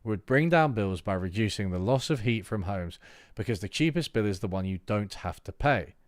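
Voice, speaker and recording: A man with a low voice reads a political manifesto on his stream, stopping now and then for casual, hesitant commentary packed with fillers. He sounds expressive, and the audio is close and dry without any room sound.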